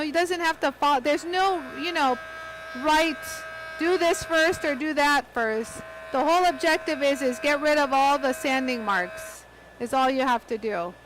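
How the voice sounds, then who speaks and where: A woman hosting a live craft demonstration, chatty and excitable, talking straight to her viewers as she works. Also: high-pitched, background noise. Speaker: host of a live lapidary demo.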